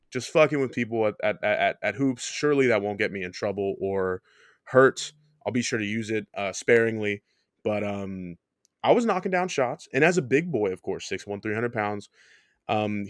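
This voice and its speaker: Young guy rambling n joking on a sports pod, lowish voice, super dry mic. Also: no echo. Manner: rambling, joking storyteller with many ums. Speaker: podcast co-host. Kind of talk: casual sports podcast chat.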